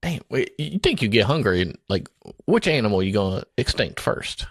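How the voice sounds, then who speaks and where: A man's voice: lowish voice, big pitch swings, moderate pace, slightly rough, dry recording, clean studio sound, exaggerated voice. A man playing a dim-witted rural Southern guest in a comedic podcast, with a put-on Southern accent, rambling and drawling with giggly asides. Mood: amused. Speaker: guest in character. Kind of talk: comedic improv podcast character.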